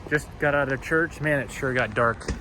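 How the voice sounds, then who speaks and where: A man's voice: medium pitch, normal speed. Man, young adult, rambling vlog chat, noisy car interior, phone camera. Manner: rambling, chatty, self-correcting. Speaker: vlogger. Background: car and road noise.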